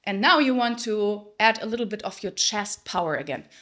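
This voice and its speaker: A woman vocal coach teaching a singing lesson. She explains in plain terms and then belts short phrases loud and high. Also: expressive, fairly quick. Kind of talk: singing lesson with sung demonstrations.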